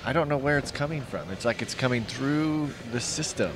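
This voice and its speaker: A man's voice: mid-range voice, lively intonation, normal speed. Wry male podcast host. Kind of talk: casual interview. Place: busy convention hall.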